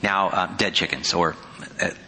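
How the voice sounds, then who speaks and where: A middle-aged male pastor delivers a sermon in a low, husky voice with a bright, forceful edge. He tells his stories with animated energy and drops in chuckling asides. The sound carries a long reverb, as in a church sanctuary. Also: a little slow.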